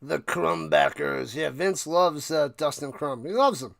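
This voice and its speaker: High-voiced man calling a live game. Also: creaky, no echo, studio quality. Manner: thanks chat viewers by name between game calls; rises loud and fast calling big plays. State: clearing his throat and coughing. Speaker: streamer doing live play-by-play. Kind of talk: casual live-stream play-by-play commentary.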